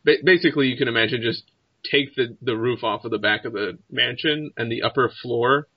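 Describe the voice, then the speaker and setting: A man's voice: medium pitch, a little fast, husky, no echo. A man narrating a tabletop game as game master, describing scenes loosely with restarts. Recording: slightly dull lo-fi recording.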